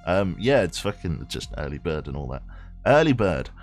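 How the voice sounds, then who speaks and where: A deep-voiced man chatting loosely through a game stream, his pitch bouncing up and down in a lively way. He rambles, reads on-screen text aloud and swears offhand, with faint game music behind him. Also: moderate pace. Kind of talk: casual live game commentary.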